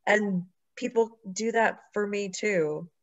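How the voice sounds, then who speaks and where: A woman's voice: medium pitch, slow, muffled recording. A woman in a class sharing a comment, thinking aloud. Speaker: class participant.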